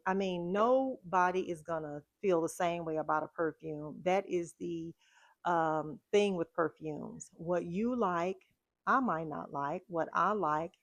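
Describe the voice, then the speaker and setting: Woman vlogger, lowish voice, dry close mic, chatty storyteller. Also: no room sound. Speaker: fragrance vlogger. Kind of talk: casual chat.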